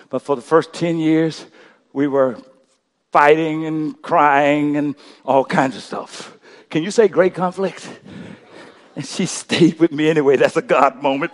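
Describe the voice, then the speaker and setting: A middle-aged male pastor preaching a sermon, swinging from quiet storytelling to shouted call-and-response. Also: fairly high pitch, big-room sound.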